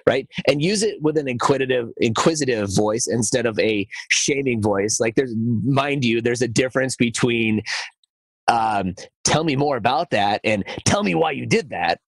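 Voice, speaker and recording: A man with a fairly low voice talks his way through a podcast episode in a relaxed, conversational way. He stumbles and restarts often and acts out quoted lines with shifting intonation. The recording is dry and close, with no room sound. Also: no room sound. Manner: conversational, many fillers and restarts. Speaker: podcast host. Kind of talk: casual podcast talk.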